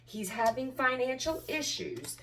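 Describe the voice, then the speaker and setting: A woman's voice: high voice, expressive, unhurried, sharp tone, distant mic. A woman giving an angry, confrontational tarot reading, preaching and swearing as she goes. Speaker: tarot reader.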